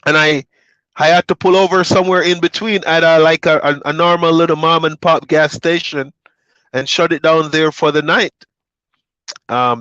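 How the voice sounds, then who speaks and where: Trucker vlogger, a man from Jamaica, fairly high voice, easygoing rambling chat, dry dull recording. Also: no echo. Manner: relaxed, rambling storytelling with fillers. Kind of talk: casual chat to viewers.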